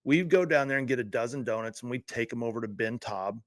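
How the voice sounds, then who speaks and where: A man's voice: mid-range voice, fast talker, no echo, studio quality. Laid-back middle-aged man telling stories. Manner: laid-back storyteller, laughs easily. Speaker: co-host, former patrol officer. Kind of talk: casual podcast chat.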